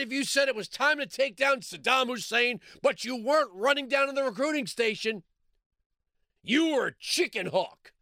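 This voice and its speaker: A man's voice: very high-pitched, sharp tone, no room sound, clean studio sound. A man hosting a talk radio show, delivering a sarcastic, combative monologue and repeating lines for emphasis.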